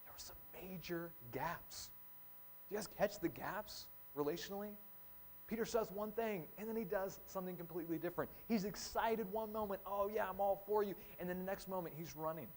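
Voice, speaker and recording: A male pastor preaching a casual, conversational sermon, acting out short quotes in lively voices. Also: high-pitched, a little fast, poor audio.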